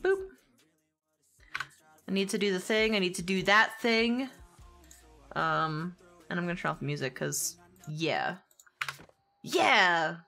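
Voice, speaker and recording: A bright, crisp-toned young woman talking off the cuff to her stream audience. She rambles, swears freely and laughs often between answers to chat, with faint music playing behind her. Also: fairly low pitch, fairly even intonation, moderate pace. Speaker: gaming streamer. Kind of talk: casual stream chat with viewers.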